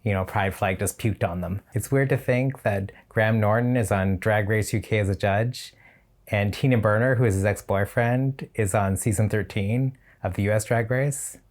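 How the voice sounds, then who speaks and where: A man's voice: lowish voice, normal speed. A man reviewing a drag competition show in a casual, chatty reaction style, with opinionated and slightly shady asides.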